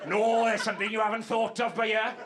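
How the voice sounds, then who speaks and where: A man's voice: high-pitched, little pitch movement, fairly quick, noisy background, natural voice. A man mimicking an indignant lawn saleswoman. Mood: insistent. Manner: insistent, pleading objection. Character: indignant woman selling fake lawns.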